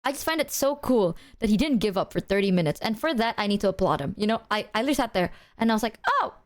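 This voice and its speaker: A woman streamer telling a story to her chat in a casual, animated way, swearing freely. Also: medium pitch, very fast.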